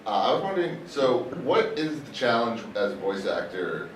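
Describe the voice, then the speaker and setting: A man's voice: medium pitch, big pitch swings, moderate pace. A man interviewing a guest for a convention website, asking his question hesitantly, with lots of fillers. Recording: echoey room, distant mic, loud background noise.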